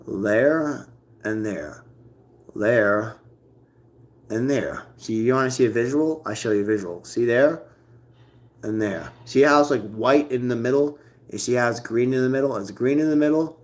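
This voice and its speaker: A male video host talks in a loose, rambling way, circling back over the same words again and again. His voice sits at an ordinary middle pitch, and he speaks with bursts of excitement. It sounds like casual chat aimed at his viewers. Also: normal speed.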